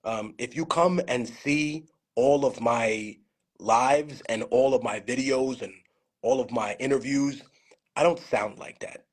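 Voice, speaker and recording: A man's voice: medium pitch, unhurried, slightly rough. A man hosting a casual livestream from his home studio, talking over a phone with a loose, profane storytelling manner, slurring at times from a bad connection. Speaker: livestream host.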